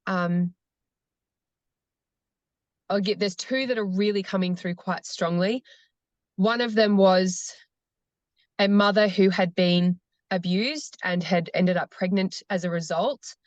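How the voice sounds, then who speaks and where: A woman's voice: medium pitch, slow, long pauses, no room sound. Woman ceremony facilitator, earnest storyteller, dry muffled podcast sound. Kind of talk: podcast conversation.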